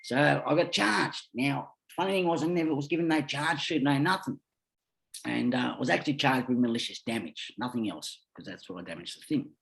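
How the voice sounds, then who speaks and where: A man's voice: mid-range voice, brisk, gravelly. A middle-aged Australian man, a podcast guest, telling rambling stories in casual talk and swearing constantly. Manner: lively, rambling anecdotes. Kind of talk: casual storytelling.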